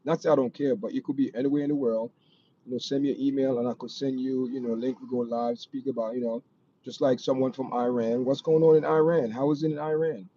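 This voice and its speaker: Over dull, faintly noisy lo-fi stream audio, a Jamaican-accented host chats loosely with his viewers. He repeats himself and keeps saying "you know what I mean," in a mellow, medium-pitched voice that's steady in tone and fast.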